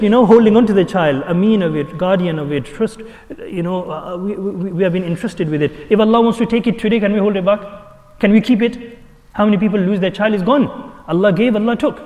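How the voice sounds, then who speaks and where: A man delivers an animated sermon, pressing his listeners with rhetorical questions. His voice sits fairly high for a man. Long reverb trails each phrase, as in a hall. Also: quick pace. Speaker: imam.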